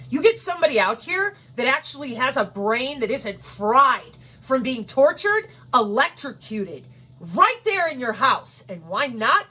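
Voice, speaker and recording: Woman host, rants hard at viewers, husky tone, sits a bit high, swears freely. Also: pushed and bright. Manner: profane and confrontational. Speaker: channel host. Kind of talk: ranting monologue.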